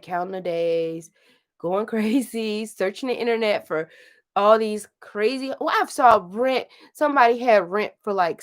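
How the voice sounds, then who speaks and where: A woman in her late thirties from St. Louis, chatting casually and rambling on a livestream, laughing often. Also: medium pitch. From St. Louis, Missouri. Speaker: livestream host. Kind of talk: casual live chat.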